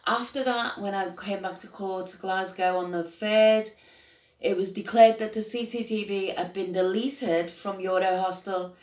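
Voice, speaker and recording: An older woman and grandmother, telling an agitated personal account that swings between quiet and loud outbursts, with swearing. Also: medium pitch, fairly even intonation, measured pace, reverberant. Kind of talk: emotional personal account to camera.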